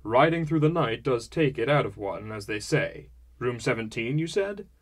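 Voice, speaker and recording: A man voicing a hearty, showy middle-aged merchant father who talks with booming, forced cheer. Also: sing-song, normal speed. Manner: booming, jovial, with fake cheer. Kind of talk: audiobook character voice.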